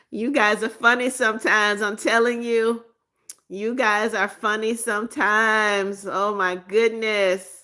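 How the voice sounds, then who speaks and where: A woman's voice: medium pitch, level tone, slow. Woman live-streaming, laughing through chat. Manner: laughs often, warm greetings and blessings to viewers; repeats phrases, scolds gently. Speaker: livestream host reading chat.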